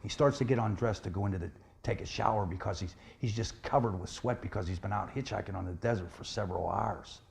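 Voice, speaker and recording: A man's voice: fairly low pitch, fast talker, gravelly, hardly any pauses, husky. A man retelling a film plot in a casual, plain way, with frequent "he says" and "she says" tags. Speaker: storyteller pitching a film plot. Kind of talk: casual spoken film pitch.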